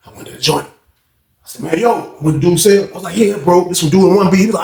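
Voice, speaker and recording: Gravelly high-voiced man. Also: quick pace, echoey room. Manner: animated, slang-heavy, swears freely. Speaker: storyteller. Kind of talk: casual storytime.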